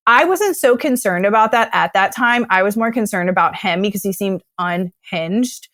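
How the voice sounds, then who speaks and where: A young woman recounts a personal story in an easy conversational way, acting out her past words with feeling. Her voice sits at an ordinary pitch, and the recording is close and dry with no room sound. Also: normal speed, few pauses, no room sound. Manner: animated, acts out her own past words. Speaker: guest telling her story. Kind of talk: casual storytelling.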